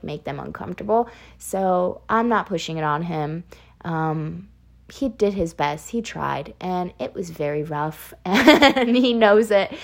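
Chatty young woman podcaster, low voice. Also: gravelly. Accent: slight picked-up Southern twang. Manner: chatty, rambling, laughs often. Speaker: podcast host. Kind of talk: casual solo podcast chat.

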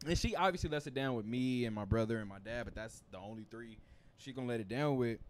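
A male podcast host chatting with friends in an indoor room. His voice sits at an ordinary middle pitch. He rambles through stories in a loose, profane, casual way. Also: fast talker.

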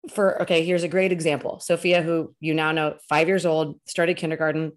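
A woman's voice: low voice, a little fast. A woman in her thirties, a podcast guest and self-care coach, chatting casually and acting out the people in her stories. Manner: animated storyteller acting out quoted voices. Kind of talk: casual conversational interview.

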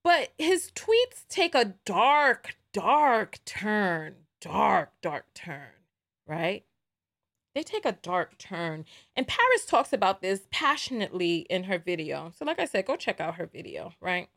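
A woman's voice: mid-range voice, sing-song, a little slow, gravelly, a bit bright. A woman hosting a livestream, giving emphatic commentary with repeated rhetorical asides. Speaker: livestream host.

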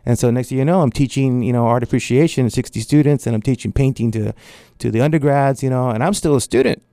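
A gravelly man in his forties, originally from Mexico and raised in California, tells his life story at a quick clip. His voice is dark and mellow and sits close to the mic in a dry room. He rambles and restarts as he goes. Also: mid-range voice, dry recording. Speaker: artist and educator guest. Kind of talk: casual storytelling interview.

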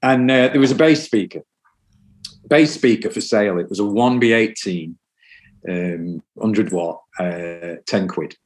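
Speaking a little slowly with a lowish voice, a male musician meanders through anecdotes in a casual interview. He swears often and imitates the voices of others he mentions.

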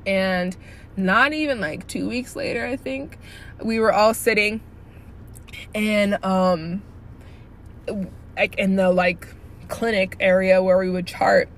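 A woman in her early twenties telling a workplace story in a casual, animated rant, blunt and profane with lots of "like" fillers. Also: medium pitch, takes it slowly, pauses often, slight background noise. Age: early 20s. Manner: indignant and blunt.

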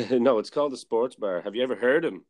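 A man with a mid-range voice talks fairly quickly as he hosts a podcast. He tells a story in a casual, rambling chat full of fillers.

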